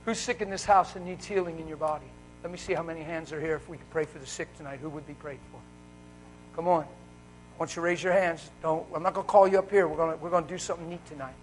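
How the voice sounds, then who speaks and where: A man preaching a live sermon in a church, wearing a mic, fervent and swinging between loud exclaiming and hushed talk. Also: fairly high pitch, steady tone, fast, low-quality recording. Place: church service.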